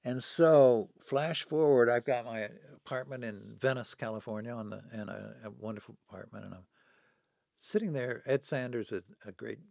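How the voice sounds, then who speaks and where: In conversation on a podcast, a man in his seventies recounts stories and dramatically acts out whoever he quotes. His medium-pitched voice is creaky and darkish, at normal speed. The sound is dry and clean, studio-grade.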